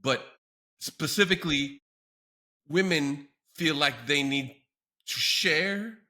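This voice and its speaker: A man's voice: fairly high pitch, slow pace, bright, forceful tone. A man hosting a podcast, telling a self-deprecating story in casual chat. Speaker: podcast host.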